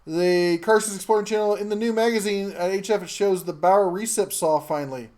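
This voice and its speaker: Halting, higher-voiced man hosting a tool stream. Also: a little mellow. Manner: rambling, halting, with many fillers and restarts. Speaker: host of a live tool show. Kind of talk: casual live-stream chat reading viewer comments.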